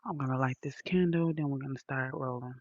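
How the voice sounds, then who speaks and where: A woman's voice: a bass voice, fairly quick, darkish tone, no room sound, highs cut off. A woman vlogger talking casually to her viewers, blunt and playful, swearing freely. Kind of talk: casual vlog chat.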